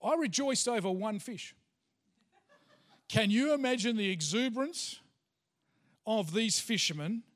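A man's voice: high voice, animated, a little slow, pauses often, fairly bright tone. A man, a pastor giving a sermon and telling a personal story in a chatty way with lots of fillers.

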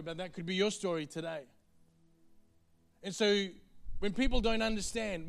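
A man's voice: high voice, creaky, a bit bright. A man preaching a sermon in an earnest, conversational way. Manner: earnest, conversational, quick to the point.

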